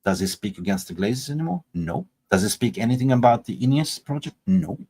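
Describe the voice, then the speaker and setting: A man's voice: medium pitch, animated, a little fast, darkish tone, slightly rough. A man hosting a football fan channel, reacting with exasperated rhetorical questions. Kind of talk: reaction commentary.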